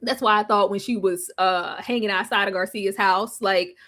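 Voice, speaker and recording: A woman reviewing a TV show in casual recap chat, animated and laughing often as she acts out quotes. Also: mid-range voice, normal speed.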